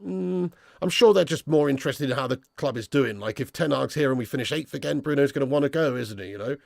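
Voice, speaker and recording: Blunt, sweary live-stream host. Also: male voice, medium pitch, fast, gravelly, no echo, studio quality. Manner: blunt, sweary, reads chat comments aloud. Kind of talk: casual live stream chat.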